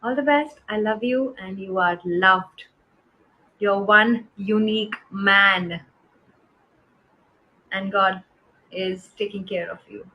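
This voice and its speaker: A woman, chatting casually on a live stream. She greets viewers by name, blows kisses and gives soft, encouraging pep talks. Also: medium pitch, takes it slowly, pauses often, poor audio. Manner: switches between English and Hindi.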